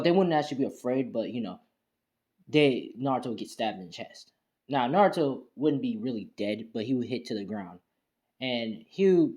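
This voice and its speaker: A man's voice: mid-range voice, darkish tone. A young man casually telling a fan story in a rambling way, with a lot of fillers and restarts.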